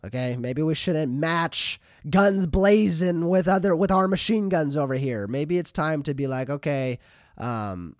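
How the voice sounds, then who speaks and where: A man hosting a podcast, talking casually and in an animated way, with lots of fillers and restarts. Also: a little high, normal speed, few pauses, dry recording, clean studio sound. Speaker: podcast host.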